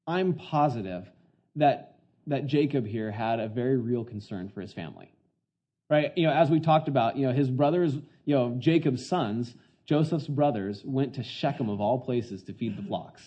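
A man teaches through a Bible story in a relaxed, chatty sermon, leaning on filler words. His voice is mellow and dark. The recording is dull and lo-fi. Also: mid-range voice, moderate pace, husky. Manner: chatty, full of "you know" fillers, retells scenes. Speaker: pastor teaching a Bible passage. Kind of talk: conversational sermon. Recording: dull lo-fi sound.

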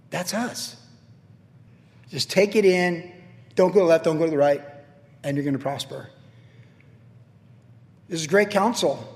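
A male pastor giving a verse-by-verse sermon in a conversational, animated way, often checking in with "right?". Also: sits high. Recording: long hall reverb.

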